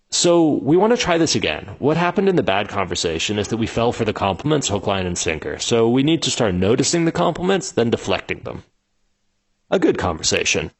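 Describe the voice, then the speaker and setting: Husky, lively-voiced male instructor. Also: fairly low pitch, brisk. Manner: conversational, many fillers, animated when quoting people. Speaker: instructor explaining customer interviews. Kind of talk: casual spoken lesson, acting out example dialogues.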